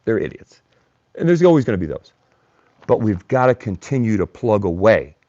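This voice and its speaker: A man's voice: on the low side, sing-song, moderate pace, dark tone, dry recording, lo-fi sound. Blunt combative man hosting a livestream. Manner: blunt, combative, mocks chatters by name. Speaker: livestream host. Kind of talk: live-stream rant reading chat.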